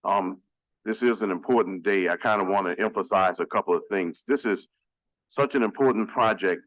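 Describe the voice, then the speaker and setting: A man speaking as a city council member, addressing the chamber in an earnest, emphatic, measured way. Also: on the low side, no echo, rough recording. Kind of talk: formal public speech at a council meeting.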